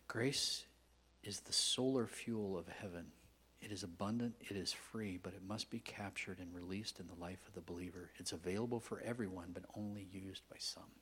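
A man preaching a sermon as a guest pastor, telling stories in a conversational way and swinging from hushed whispers to loud, emphatic outbursts. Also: sits low, normal speed, breathy edge.

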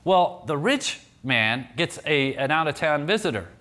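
A man's voice: on the high side, sing-song, unhurried, pushed and bright. A man preaching a sermon in a conversational, storytelling way, often restarting his sentences.

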